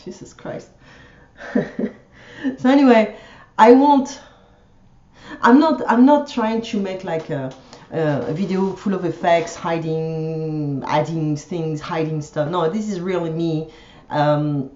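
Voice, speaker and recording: A woman's voice: low voice, takes it slowly, darkish tone, reverberant, highs cut off. A French woman speaking English with a French accent, venting bluntly in a casual vlog, with lots of fillers and restarts. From France. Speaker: French teacher vlogger. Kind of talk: ranting vlog monologue.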